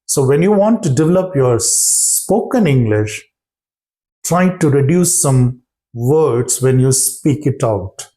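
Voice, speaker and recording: A man gives his students a spoken-English lesson in a deliberate way, regularly praising them and checking in with short questions. His voice is mid-range and dark in tone, with lively intonation.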